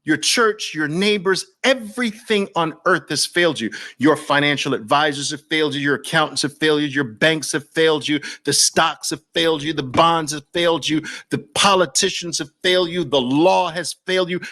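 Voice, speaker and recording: A man's voice: a little high, normal speed, hardly any pauses, pushed and bright. Fervent man with a New York accent. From Brooklyn. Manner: fervent, preachy, repetitive rhetorical questions. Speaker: host. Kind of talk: impassioned monologue to viewers.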